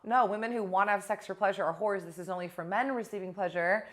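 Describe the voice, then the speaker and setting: A young adult woman coach talking casually to camera in a blunt, animated way, swearing now and then. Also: mid-range voice, fast. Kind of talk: casual direct-to-camera talk.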